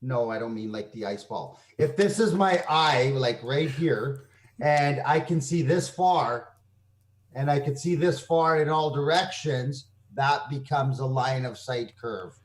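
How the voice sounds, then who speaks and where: A man's voice: mid-range voice, a little slow. Canadian man arguing in a debate. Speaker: debate guest. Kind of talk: casual debate.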